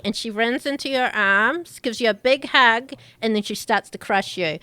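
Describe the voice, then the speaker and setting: A woman narrating a tabletop game as game master, describing scenes slowly with halting fillers. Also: fairly high pitch, sharp tone, clean tone, no room sound.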